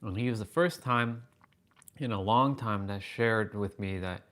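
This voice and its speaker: A man's voice: lowish voice, a little slow, a bit bright. A man hosting a casual livestream, telling a story animatedly and answering viewer comments. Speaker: livestream host.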